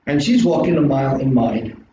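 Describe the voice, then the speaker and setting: A middle-aged man with a South Philly accent, an instructor giving an animated classroom lecture full of rhetorical questions. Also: medium pitch, moderate pace. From South Philadelphia, US. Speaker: college instructor. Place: large classroom. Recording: distant echoey classroom recording, dull and hissy.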